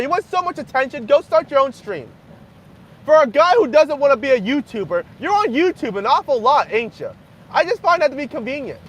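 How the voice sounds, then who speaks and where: A young man hosting a casual livestream, joking crudely and half-yelling to be heard over loud background noise. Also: very high-pitched. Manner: crude joking, frequent laughter. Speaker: livestream host. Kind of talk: casual livestream chat with viewers.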